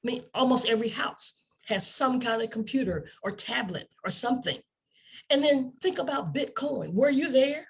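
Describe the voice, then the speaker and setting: A woman's voice: sits high, lively intonation, normal speed, gravelly, slight background noise. A woman giving an enthusiastic sales presentation, asking the listener rhetorical questions and repeating words for emphasis. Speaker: company presenter.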